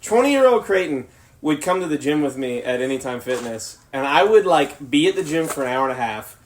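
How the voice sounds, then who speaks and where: A man's voice: on the high side, big pitch swings, a little fast, slight background noise. A man in his late twenties co-hosting a casual podcast, arguing back in laughing banter. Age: late 20s. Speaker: podcast co-host. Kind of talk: casual chat.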